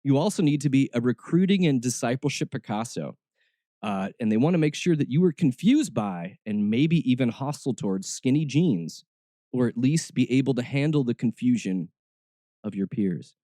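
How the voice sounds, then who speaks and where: A man's voice: medium pitch, lively intonation, normal speed, warm tone, no room sound, clean studio sound. Snarky man reading aloud with mockery. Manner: snarky, mocking, laughs at his own jokes. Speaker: podcast host. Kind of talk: sarcastic commentary reading a job ad aloud.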